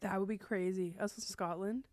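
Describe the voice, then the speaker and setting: A young woman co-hosting a podcast in casual, playful chat, often trailing off softly at the ends of sentences. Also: medium pitch, steady tone, moderate pace, dry recording. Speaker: podcast co-host.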